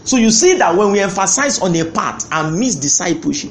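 Fervent preacher man, loud to hushed. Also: on the high side, animated, brisk, vocal fry, hardly any pauses, slight background noise. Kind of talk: sermon. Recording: echoey room.

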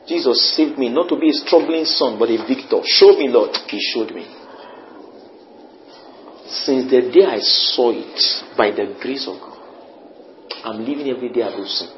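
A man preaching a sermon with an altar call, animated and climbing to near-shouts. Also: medium pitch, normal speed, pauses often, slight background noise. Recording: muffled lo-fi with faint ambience.

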